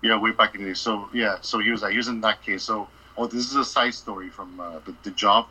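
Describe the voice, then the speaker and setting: A man's voice: fairly low pitch, steady tone, fairly quick, sharp tone, breathy edge, rough recording. A man telling a rambling, profane story in a casual interview, laughing and acting out what people said. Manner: profane, laughing, acts out quotes. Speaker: record label boss, guest.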